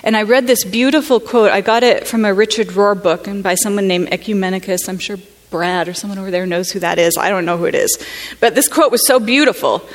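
A woman from the United States gives a personal testimony at a conference, speaking in a middle-pitched voice. She talks earnestly and reflectively, pausing and restarting as she searches for words.

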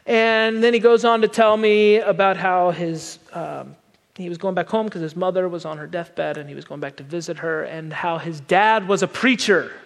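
A man with a high voice preaching on a microphone, spinning an animated, self-deprecating story. His words carry the long reverb of a large hall. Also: moderate pace, creaky. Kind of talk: sermon storytelling. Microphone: wearing a microphone.

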